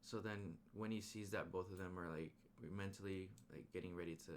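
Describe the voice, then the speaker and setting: Casual male movie reviewer, very low voice, chatty rambling recap, slangy delivery. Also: brisk, slight background noise. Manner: rambling, animated retelling with slang and restarts.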